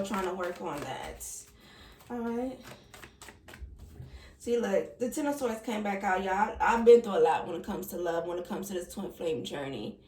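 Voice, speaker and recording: A woman's voice: medium pitch, a little mellow, a little hiss or hum. A young woman reading tarot cards in a casual, emotional way, often laughing. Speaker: tarot reader. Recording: echoey room, voice from a distance.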